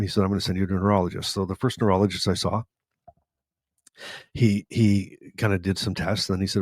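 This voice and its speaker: A man from Canada with a lowish voice tells his story on a live stream. He rambles, corrects himself and laughs often. The sound is dry and close. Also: fairly even intonation, brisk, husky, no echo. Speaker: host.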